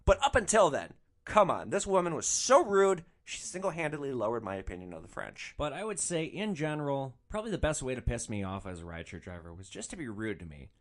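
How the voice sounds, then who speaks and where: A man hosting a podcast, telling rideshare stories in an animated, profane, exasperated way. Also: mid-range voice, quick pace, few pauses. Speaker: podcast host, rideshare driver. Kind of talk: comic storytelling.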